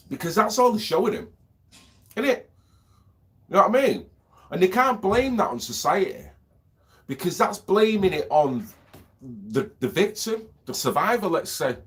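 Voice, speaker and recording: A man, a vlogger with a lingering cough, rambling and ranting, swearing freely and asking if you know what he means. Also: a little high. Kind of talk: rambling monologue.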